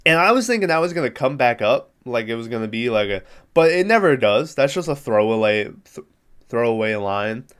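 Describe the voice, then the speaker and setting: A man's voice: medium pitch, very animated, brisk, a bit bright, clear, resonant tone. A man hosting a podcast, recapping a movie in a rambling, profane, amused way. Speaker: podcast host.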